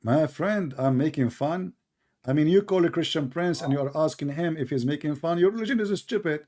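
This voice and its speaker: Sarcastic, combative man with high-set voice. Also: a little fast, warm tone. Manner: sarcastic, combative, non-native English. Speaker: debate host. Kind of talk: mocking religious debate.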